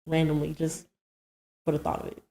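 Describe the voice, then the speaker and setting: A woman's voice: deep voice, monotone, normal speed, gravelly, warm tone. A woman co-hosting a podcast, talking bluntly and animatedly in casual chat and laughing easily. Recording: echoey room.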